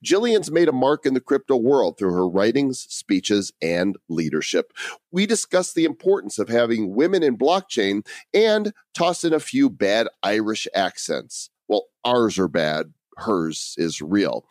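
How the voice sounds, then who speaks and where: A man's voice: fairly low pitch, big pitch swings, unhurried, darkish tone, dry recording, clean studio sound. A male podcast host who talks in a playful, jokey way and laughs often. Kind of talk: comedic podcast intro and banter.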